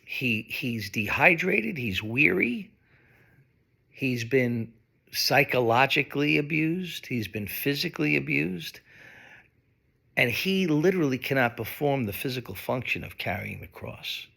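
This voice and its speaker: A man preaching a sermon, slow and emphatic, with dramatic pauses. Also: medium pitch, expressive, vocal fry, sharp tone, breathy edge. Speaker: pastor.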